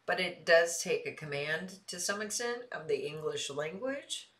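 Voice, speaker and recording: Lower-voiced Midwestern woman with Southern twang. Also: unhurried. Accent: Midwestern with a light Texas Southern twang. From American Midwest. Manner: chatty and animated, laughs easily. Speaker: streamer answering chat. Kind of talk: casual live-stream chat.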